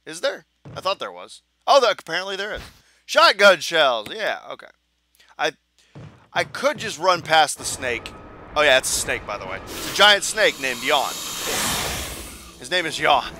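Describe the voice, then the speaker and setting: A man's voice: fairly high pitch, very animated, normal speed, long pauses, pushed and bright, a little hiss or hum. A young man giving casual let's-play commentary, rambling and repeating himself as he thinks aloud. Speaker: gaming video host. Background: game music.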